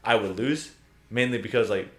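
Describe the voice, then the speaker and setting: A man's voice: lowish voice, moderate pace, fairly bright tone, echoey room. A young man co-hosting a podcast, telling stories in a rambling, filler-heavy way with bursts of laughter. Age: young adult. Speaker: podcast co-host. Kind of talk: casual chat.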